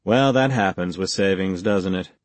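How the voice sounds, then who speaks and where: Voicing a guarded ex-army major who gives short, dry, clipped replies, a male audiobook narrator speaks in a low-pitched voice at a moderate pace. The character voice stays close to an everyday voice, and the recording is dry.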